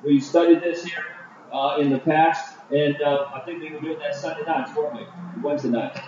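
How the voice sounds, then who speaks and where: A man with a fairly high voice preaches a Bible study sermon, talking haltingly with many fillers and restarts. He sounds far from the mic in a very echoey hall. The recording is dull and lo-fi, with faint noise behind him. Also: fairly even intonation, darkish tone. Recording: distant, roomy, dull lo-fi.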